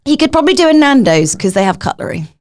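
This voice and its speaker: A woman with a London accent chatting as a podcast guest, animated and giggly as she tells stories. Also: sits high, fast. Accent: London English. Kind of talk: casual podcast chat.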